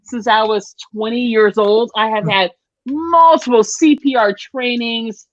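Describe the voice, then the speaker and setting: A woman's voice: fairly high pitch, measured pace, no room sound. A woman co-hosting a casual podcast chat, telling stories bluntly with plenty of cursing. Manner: blunt, profane, animated storyteller. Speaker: podcast co-host. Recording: dull lo-fi dry sound.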